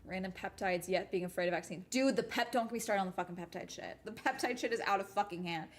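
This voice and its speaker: A young adult woman talks casually to her stream viewers while she plays. She rants bluntly and swears a lot, keeping an animated, frank manner at a middle pitch. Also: fast talker. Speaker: YouTuber streamer. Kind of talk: casual live-stream chat while gaming.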